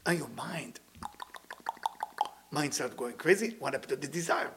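Gravelly, animated male spiritual teacher. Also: fairly high pitch, moderate pace, slight background noise. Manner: non-native English grammar, animated, swings between loud and hushed. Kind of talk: spiritual lecture.

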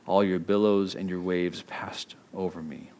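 A middle-aged pastor delivers a sermon in a relaxed, conversational way, telling stories with animated quoted voices and frequent laughs. He then shifts into quieter, reflective scripture reading, his voice sitting low and a little slow.

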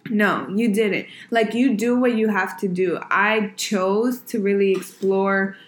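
A young woman in casual podcast chat, speaking softly and reflectively. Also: mid-range voice, fairly even intonation, unhurried, echoey room. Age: young adult.

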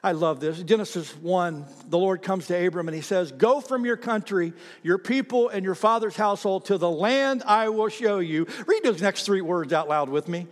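A man preaching a sermon as pastor, animated, repeating himself and calling on the congregation to read aloud. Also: sits high, moderate pace, long reverb tail. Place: church sanctuary.

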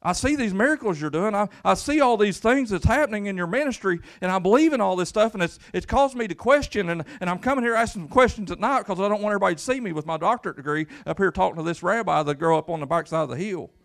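A man's voice: high-pitched, animated, fast talker, hardly any pauses, pitched above the performer's own voice. A man voicing a flustered scholarly male ruler who questions a rabbi in an agitated way.

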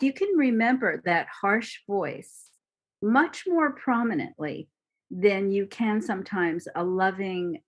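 A woman meditation teacher giving a dharma talk, slow, gentle and reflective, with soft pauses. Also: mid-range voice.

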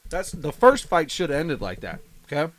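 A young man in casual chat, telling animated stories and laughing often. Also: fairly high pitch, moderate pace, no echo.

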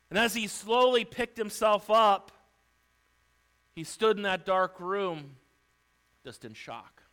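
A man's voice: sits high, a bit bright. A man preaching a sermon, retelling a story vividly and theatrically.

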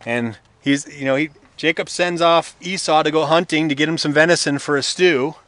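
A man's voice: on the high side, normal speed, fairly bright tone, no room sound. A man preaching a casual sermon, retelling a scripture story and acting out its characters. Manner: conversational, acts out the story's voices.

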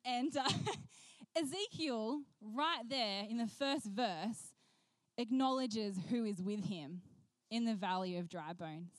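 A woman preaching a sermon, telling a personal story in an animated way and acting out the voices she quotes. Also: a little high, slow pace, dry recording.

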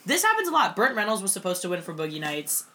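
A man's voice: high voice, quick pace, a little hiss or hum. Young guy on a podcast, chatty and goofy, voice jumps all over. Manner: animated, self-mocking, chatty with many fillers. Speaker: podcast co-host. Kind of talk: casual chat.

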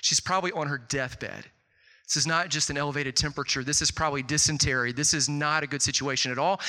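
A middle-aged man preaching a sermon, telling stories with lots of "like" and jumping up loud and high when he quotes people. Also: quick pace. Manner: animated storytelling, swings loud and high on quotes, filler "like". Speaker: pastor. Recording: long hall reverb.

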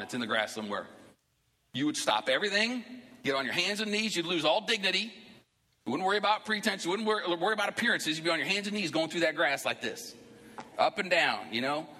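A man's voice: medium pitch, sharp tone, long reverb tail. A man preaching a sermon to his church as pastor, talking conversationally and rising into emphatic bursts. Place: church sanctuary.

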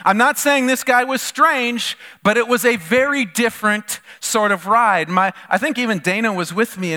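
High, bright-voiced male pastor in a hall. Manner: animated storytelling, acts out quoted voices. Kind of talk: sermon. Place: church hall.

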